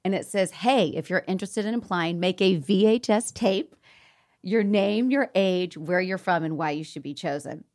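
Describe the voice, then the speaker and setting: Speaking at a normal pace in a lowish voice, a middle-aged Atlanta woman with a Southern accent shares stories as an interview guest in a casual setting. She acts out quotes with animation and laughter.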